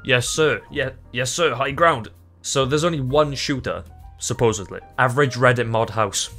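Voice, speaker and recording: Male gaming YouTuber, mid-pitch, excitable and foul-mouthed, rambling commentary. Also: moderate pace, faint music behind. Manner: excitable, swears freely, laughs often; rambling, self-interrupting. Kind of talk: gameplay commentary.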